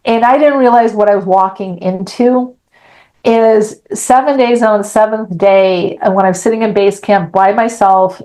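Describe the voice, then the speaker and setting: A woman's voice: medium pitch, moderate pace, mellow, rough recording. A middle-aged woman, a podcast guest, telling a personal story with animation and acting out the dialogue in a frank, blunt way.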